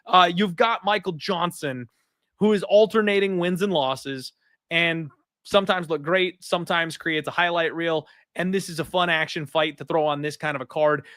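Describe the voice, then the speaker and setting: A man's voice: fairly high pitch, moderate pace, no echo, studio quality. A man co-hosting a live stream, giving blunt, opinionated fight picks in casual chat. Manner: blunt, opinionated, animated with mock voices. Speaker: co-host, fight picks analyst.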